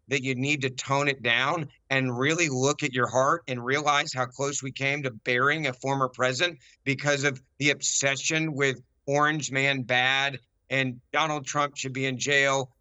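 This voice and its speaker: Forceful American man in heated debate. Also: medium pitch, dry recording. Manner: forceful, emphatic, repeats key phrases. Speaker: panel guest.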